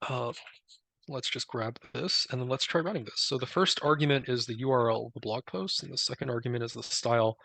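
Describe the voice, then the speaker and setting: A man presenting a live software demo, explaining step by step in a relaxed way with many fillers. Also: medium pitch, vocal fry, dry recording. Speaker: presenter demoing a tool.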